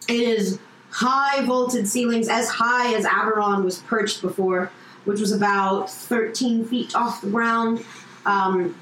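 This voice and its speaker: A woman's voice: fairly high pitch, steady tone, slow, a bit bright. A woman running a tabletop game as game master, narrating scenes in a casual way with frequent fillers. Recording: echoey room, faint noise.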